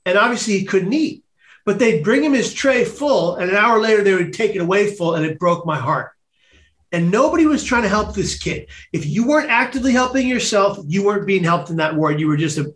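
A man with a high voice tells a personal story as a podcast guest. He is animated and laughs often. The room sounds echoey. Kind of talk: storytelling in casual chat.

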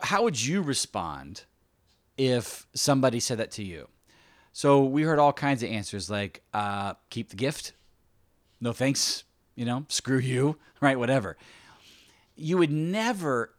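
Guy chatting about faith, animated storyteller, dry close sound, mid voice. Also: mid-range voice, no room sound. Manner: animated storytelling, acts out quoted speech. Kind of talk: casual faith discussion.

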